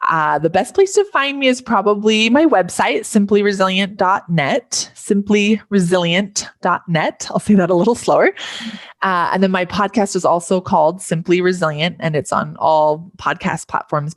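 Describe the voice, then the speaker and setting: Woman guest, low register, dry close mic, earnest rambling coach talk. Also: no echo. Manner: earnest, thinking aloud with many fillers. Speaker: podcast guest, life coach. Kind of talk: casual conversational interview.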